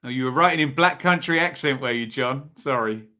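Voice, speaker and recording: A man's voice: mid-range voice, brisk, bright, forceful tone. A man with an East Anglian accent hosting a live football watch-along, giving chatty running commentary and reacting to viewers in the chat.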